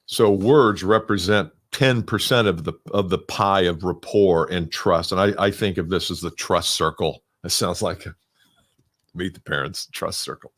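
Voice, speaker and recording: A man's voice: deep voice, moderate pace, hardly any pauses. A middle-aged man coaching salespeople in a conversational, emphatic solo talk.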